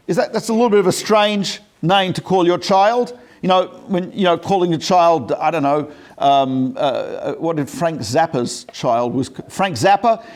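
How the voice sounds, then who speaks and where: Brief: male rabbi lecturer, fairly high voice, casual storyteller who drops in jokes. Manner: conversational, with humorous asides.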